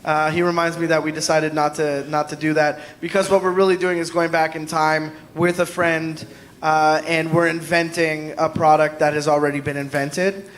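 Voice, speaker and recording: A man's voice: a little high, little pitch movement, moderate pace, a bit bright, a little hiss or hum. A man chatting as a guest comedian at a live podcast taping, rambling and self-deprecating, laughing often. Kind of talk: casual live podcast chat. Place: live show before an audience.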